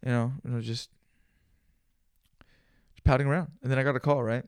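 A man hosting a solo podcast, telling a story in an animated, profane, slangy way with Spanish words mixed in. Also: mid-range voice, brisk, smooth, no room sound, clean studio sound. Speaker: podcast host. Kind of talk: casual storytelling monologue.

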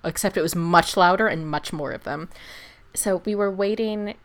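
Lively woman telling a story. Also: lowish voice, normal speed. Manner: animated storyteller, acts out quotes, laughs often. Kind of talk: casual storytelling chat. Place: lives in Germany.

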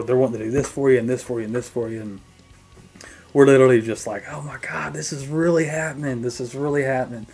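A middle-aged man, a drummer, casually recounting his band days in an interview, mimicking the people he quotes. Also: mid-range voice. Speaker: guest musician, drummer.

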